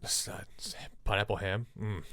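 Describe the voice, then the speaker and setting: A man's voice: lowish voice, fairly even intonation, normal speed, sharp tone. A man co-hosting a podcast in casual chat, brash and swearing often. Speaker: podcast co-host.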